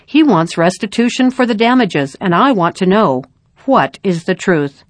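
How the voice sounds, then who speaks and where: A woman's voice: medium pitch, expressive, moderate pace, no echo, natural voice. A woman voicing a serious middle-aged male band teacher who speaks firmly. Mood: stern. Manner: firm, serious questioning.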